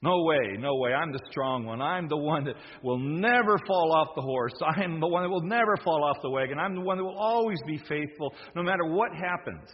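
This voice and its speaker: A man voicing a boastful, eager male disciple in a sermon, raising his voice high and loud. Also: animated, moderate pace, breathy edge, in a large hall, highs cut off. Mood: protesting.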